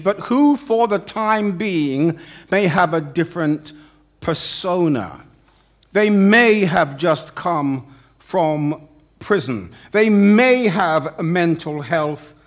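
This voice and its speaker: Male preacher, high voice with a wide, sweeping pitch range; animated sermon with humorous touches. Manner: animated, dramatic emphasis and pauses, humorous asides.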